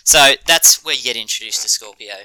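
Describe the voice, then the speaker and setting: A man's voice: mid-range voice, brisk, bright, forceful tone, clear, resonant tone, no room sound, rough recording. A man co-hosting a podcast, chatting enthusiastically about a TV episode, with frequent ums and laughter. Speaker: podcast co-host. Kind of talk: casual chat reviewing a TV episode.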